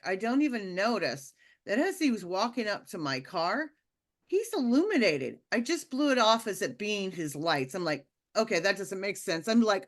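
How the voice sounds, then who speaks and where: A woman casually telling a personal spiritual story, animated and acting out the quotes, often laughing. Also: a little high. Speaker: podcast guest telling a testimony.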